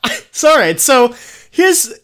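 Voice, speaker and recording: Stammering comedy podcast host, lively pitch. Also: male voice. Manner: halting, stammering, giggly mock-interviewer.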